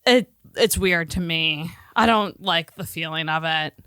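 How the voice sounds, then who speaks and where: Female co-host, candid and giggly, bright sharp voice, dry close mic. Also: lowish voice, measured pace, smooth, no room sound. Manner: candid, laughs often. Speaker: podcast co-host. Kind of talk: casual banter.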